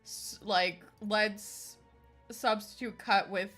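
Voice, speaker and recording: A woman's voice: medium pitch, fairly even intonation, slow pace, a bit bright, faint music behind. A young woman streaming a video game, chatting casually and rambling with lots of fillers. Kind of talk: casual game livestream chat.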